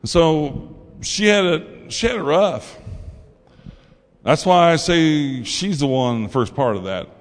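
A man with a fairly high pitch and lively intonation speaks slowly, giving a folksy sermon testimony. He acts out the voices in his story, and the recording carries long hall reverb.

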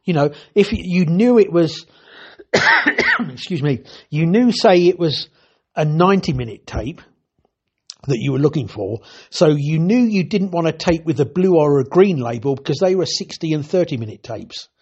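Husky older storyteller. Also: male voice, a little high, animated, moderate pace, lo-fi sound. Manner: chatty, self-interrupting, dry humour. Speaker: retired TV technician. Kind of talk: anecdotal storytelling.

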